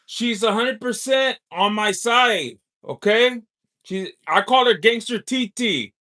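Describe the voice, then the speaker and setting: Bright high-voiced man chatting live. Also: slow. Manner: repetitive, laid-back, laughs often. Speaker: livestream host. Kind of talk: casual livestream chat.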